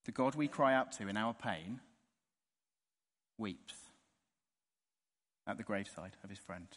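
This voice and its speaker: Earnest preacher in a reverberant hall. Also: male voice, on the low side. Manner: earnest, drops to soft slow emphasis on key words. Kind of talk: sermon. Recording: long reverb of a large hall.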